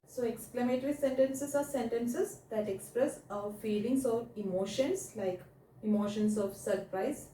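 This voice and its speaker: A woman's voice: a little high, dark tone, far from the mic, a little hiss or hum. A woman teacher explaining grammar step by step and often asking checking questions like "right?" to her pupils. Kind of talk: recorded grammar lesson. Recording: echoey room, voice off mic.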